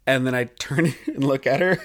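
A man co-hosting a podcast, telling a story in a casual, animated way and acting out quotes. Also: moderate pace. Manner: animated, acts out quotes in high voices. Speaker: podcast co-host.

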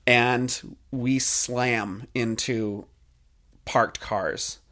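A man co-hosting a podcast, telling a story in a casual, animated way and acting out quotes. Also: extremely slow. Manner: animated, acts out quotes in high voices. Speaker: podcast co-host.

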